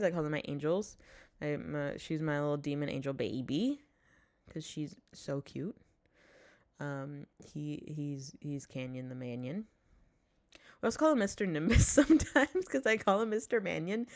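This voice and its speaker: Lively low-voiced woman rambling at home. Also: normal speed. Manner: rambling, chatty, swears casually, laughs often. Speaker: vlog host. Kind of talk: casual rambling chat. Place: home, at her desk.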